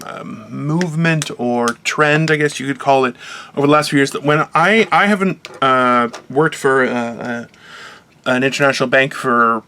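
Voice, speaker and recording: A man co-hosting a casual talk show, ranting in an animated, self-mocking way. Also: medium pitch, slight background noise. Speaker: co-host. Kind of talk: casual chat.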